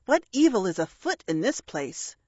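A woman's voice: medium pitch, very animated, normal speed, mellow, slightly rough, no room sound, dull audio. A woman voicing a small, righteous boy superhero who lectures wrongdoers sternly, read in a storybook.

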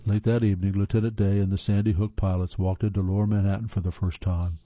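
A man's voice: low voice, little pitch movement, fast talker, warm tone, dry recording. A man from the northern United States reading articles aloud as a host, earnest, with spoken asides and occasional stumbles. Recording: slightly dull lo-fi sound.

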